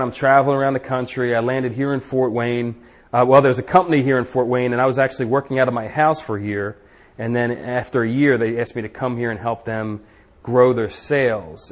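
A middle-aged man telling his personal recovery story to a live audience, candid and conversational, his voice dropping quiet and low when he recalls his own thoughts. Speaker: speaker giving a recovery testimony.

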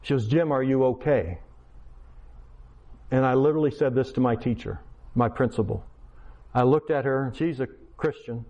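A man's voice: medium pitch, a little fast, dark tone, lo-fi sound. A man in his sixties telling a personal story in a sermon, acting out the dialogue and building to emphatic preaching. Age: 60s. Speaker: Christian speaker, schoolteacher. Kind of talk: testimony sermon.

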